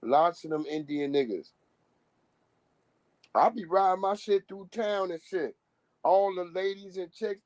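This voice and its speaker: A man's voice: high-pitched, a little slow, long pauses, a little mellow, no echo. A man hosting a live stream, rambling in casual street slang and laughing as he talks.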